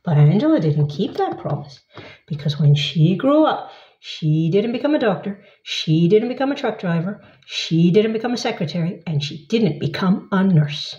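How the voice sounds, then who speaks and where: Expressive woman storybook reader, animated delivery, roomy muffled sound. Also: mid-range voice, normal speed. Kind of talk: picture book read-aloud. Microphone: camera at a short distance. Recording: echoey, slightly dull room sound.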